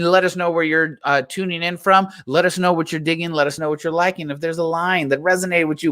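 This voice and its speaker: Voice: mid-range voice, a little fast, hardly any pauses, a bit bright. A host running a virtual poetry slam, talking in a hyped, casual, slangy way.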